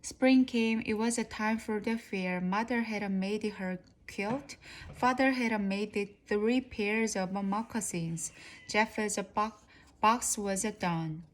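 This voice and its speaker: Slow, careful woman reading a storybook. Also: mid-range voice, slight background noise, rough recording. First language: Korean. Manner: careful, practicing reader with small slips. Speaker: reader. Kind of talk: reading a children's storybook aloud.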